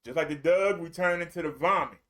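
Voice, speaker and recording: A man's voice: on the high side, fairly quick, a bit bright. A man preaching a streamed sermon in a colloquial, repetitive storytelling way.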